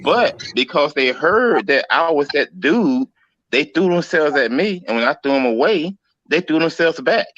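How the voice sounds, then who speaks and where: A man's voice: a little high, animated, normal speed, a bit bright, dry recording, lo-fi sound. A man who talks in a boastful, brash way in a casual group debate, often repeating himself.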